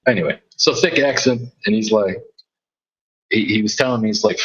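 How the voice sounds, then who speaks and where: A man's voice: fairly low pitch, animated, moderate pace, a bit bright, husky, dull audio. A man, a DJ, telling a story in casual chat, rambling and restarting his sentences often. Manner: rambling with many restarts and stammers. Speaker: DJ and podcast host.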